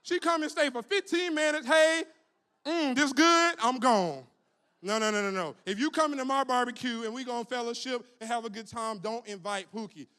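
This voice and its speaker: A young adult man preaching a lively, humorous youth sermon, calling on the crowd to repeat after him. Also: sits high, smooth. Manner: animated, humorous, call-and-response with the crowd. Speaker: youth minister.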